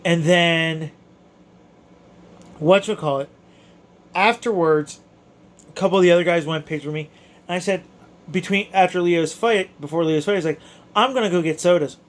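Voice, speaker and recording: Dude with a high voice telling his boxing fight story, all fired up and emotional, trips over his words. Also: moderate pace, pauses often. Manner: excitable, emotional, stumbling restarts. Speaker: amateur boxer recounting his fight. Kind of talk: casual storytelling to camera.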